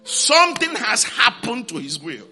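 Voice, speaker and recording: A man's voice: very high voice, wildly swooping pitch, measured pace, pushed and bright, husky, faint music behind. A man preaching a sermon, repeating key words and calling out to his congregation for responses.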